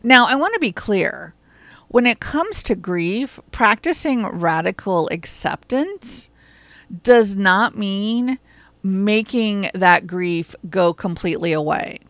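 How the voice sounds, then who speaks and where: Woman, podcast host, gravelly voice, dry sound, calm and reassuring. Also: medium pitch, slow pace, no echo. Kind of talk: reflective solo podcast talk.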